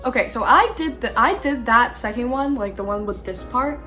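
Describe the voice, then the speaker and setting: A woman vlogger chatting casually, laughing often and getting animated when she retells arguments. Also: fairly high pitch, normal speed, soft background music. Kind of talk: casual chat.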